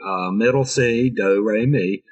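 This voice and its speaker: A man's voice: fairly low pitch, a little slow, slightly rough, lo-fi sound. A man presenting an informal engineering lecture over a video call, chatty and joking with sarcastic asides. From North America. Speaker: presenter of an engineering training session.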